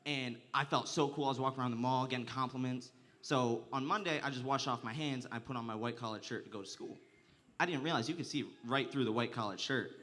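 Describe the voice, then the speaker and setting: A man's voice: medium pitch, fast, pushed and bright. A young man performing a stand-up comedy set, telling crude, profane stories and often laughing through his lines.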